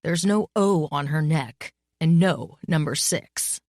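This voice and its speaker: A woman's voice: deep voice, takes it slowly, darkish tone, no room sound, clean studio sound. A woman voicing a haughty, dismissive male investigator with a cold manner.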